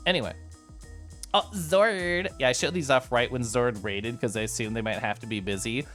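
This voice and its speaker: A man's voice: medium pitch, normal speed, a bit bright, faint music behind. A man chatting casually to his livestream viewers, giggly and bubbly, with lots of asides. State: tipsy from whiskey earlier. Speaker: streamer recapping VR chat meetups.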